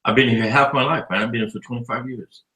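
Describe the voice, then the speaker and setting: Man, 50s, expressive, bright tone, roomy echo, casual cursing storyteller. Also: mid-range voice, quick pace. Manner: animated, profane storyteller acting out dialogue. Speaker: interviewee, educator living abroad.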